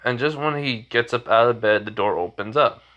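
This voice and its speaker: A man's voice: mid-range voice, moderate pace, fairly bright tone. A man casually retelling a fan story, rambling with lots of "like" and "uh". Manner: rambling, filler-heavy.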